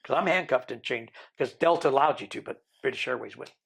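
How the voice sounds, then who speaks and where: A man in his sixties, a podcast guest, telling a long story in a lively way and acting out the people he quotes. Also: medium pitch, fairly quick, vocal fry, breathy edge. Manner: animated storyteller who mimics the people he quotes.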